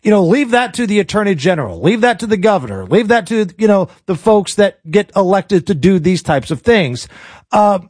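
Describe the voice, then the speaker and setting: Sarcastic high-voiced male radio host. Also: big pitch swings, normal speed, a little mellow, dry recording. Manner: sarcastic, colloquial, jokey rants. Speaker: radio talk show host. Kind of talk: opinionated political talk radio.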